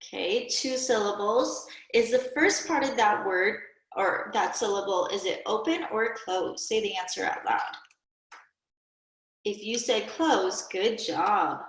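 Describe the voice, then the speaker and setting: A woman teacher giving a recorded reading and spelling lesson to children, speaking clearly and patiently and asking them to pause and answer aloud. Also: mid-range voice. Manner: slow, clear, patient classroom delivery with prompts to pause. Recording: echoey room.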